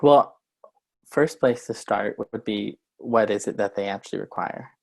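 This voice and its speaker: A man's voice: lowish voice, a little slow, gravelly. A man, a guest coach, explaining ideas in an earnest conversational way and acting out short example lines, heard over a video call.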